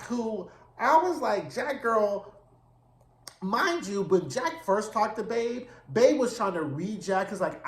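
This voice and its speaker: A man hosting a casual TV recap, talking in a chatty, dramatic way with frequent asides and swearing. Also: on the high side. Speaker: TV recap host. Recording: roomy echo.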